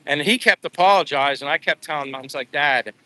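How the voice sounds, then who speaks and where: A man's voice: a little high, fast talker, sharp tone. A middle-aged man vlogger telling a personal story in a casual live stream, emotional and rambling with many restarts.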